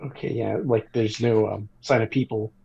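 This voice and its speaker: Raspy, hesitant tabletop player. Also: mid-range voice, fairly even intonation, moderate pace, darkish tone, highs cut off. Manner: hesitant, filler-heavy questions. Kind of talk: casual tabletop play.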